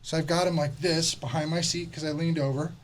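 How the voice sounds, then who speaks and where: A man's voice: fairly high pitch, a little fast. A man in his thirties telling a road trip story to camera as a vlogger and father, swearing freely and acting out what people said. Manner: profane, animated, acts out quotes. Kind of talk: casual storytelling.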